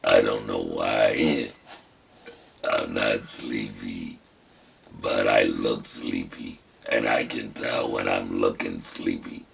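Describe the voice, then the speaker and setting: Speaking through a throat prosthesis, this older talk-show host has a bass voice that comes out gravelly and rasping. He shares a personal story casually, deliberate and wry, poking fun at himself. It's recorded from a distant mic that picks up a faint hiss.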